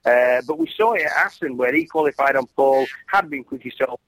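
Guy, ex racer, bright voice, dry close sound, chatty and animated. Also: mid-range voice, fairly quick, husky, no echo, low-quality recording. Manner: animated storyteller, many restarts. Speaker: former racer and commentator guest. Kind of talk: casual chat.

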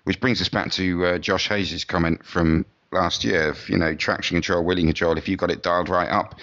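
A man's voice: low voice, fairly even intonation, fairly quick, fairly bright tone, lo-fi sound. A man co-hosting a podcast who talks about motorbike racing in a rambling, chatty way, often restarting his sentences. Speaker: podcast co-host. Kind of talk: casual motorsport chat.

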